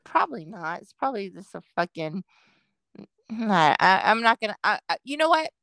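A woman's voice: medium pitch, sing-song, moderate pace, vocal fry, a bit bright, slight background noise, rough recording. A woman in her forties from Southern California, co-hosting a podcast in casual, profane chat and laughing often. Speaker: podcast co-host.

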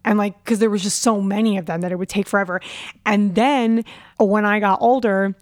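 A woman's voice: mid-range voice, steady tone, dry recording, clean studio sound. Bubbly young woman in casual chat. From Florida. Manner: bubbly, quick, exclaiming.

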